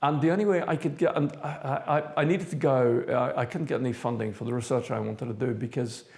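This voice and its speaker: An older man from South Africa, an interviewee recounting his past in a measured, thoughtful way with frequent pauses. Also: medium pitch, creaky, a little mellow. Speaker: interviewee, theatre director. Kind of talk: reflective personal recollection.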